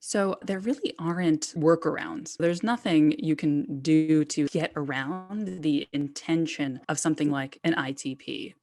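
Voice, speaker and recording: A woman's voice: deep voice, unhurried, hardly any pauses, darkish tone. A woman guest on an interview podcast, talking candidly and casually, loose with slang. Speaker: guest, trade journalist.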